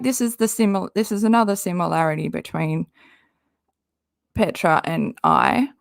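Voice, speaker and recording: A woman's voice: a little high, creaky, dry recording, clean studio sound. A woman doing casual commentary, reading social media posts aloud with an exasperated, rambling manner and frequent swearing. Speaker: commentary YouTuber.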